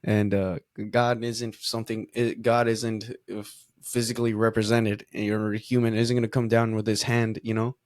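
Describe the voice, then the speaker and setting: A man co-hosting a podcast with his brothers, talking in a halting, heartfelt way with many restarts. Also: lowish voice, level tone, a little mellow, no echo, studio quality. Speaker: podcast co-host. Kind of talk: casual heartfelt conversation.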